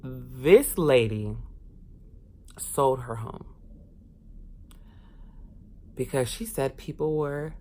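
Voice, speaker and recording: A man vlogging a casual storytime, candid and expressive, swearing casually as he talks. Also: mid-range voice, slow pace.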